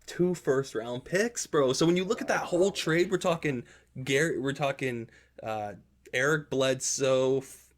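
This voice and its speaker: A man hosting a casual basketball podcast, talking in a rambling way with frequent restarts. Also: medium pitch. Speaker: podcast host. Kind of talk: casual sports chat.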